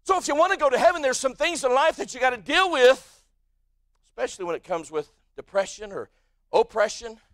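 An American man preaches from the pulpit in a strikingly high-pitched voice. His delivery swings between soft, low asides and sudden shouted peaks. The sound is dry and close, with almost no room echo. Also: lively intonation, a little fast. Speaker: pastor. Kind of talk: sermon. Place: church sanctuary.

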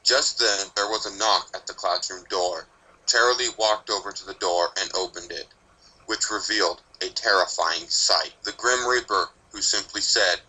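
A man narrating a fan fiction story in a plain, steady storytelling manner. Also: lowish voice, normal speed, poor audio.

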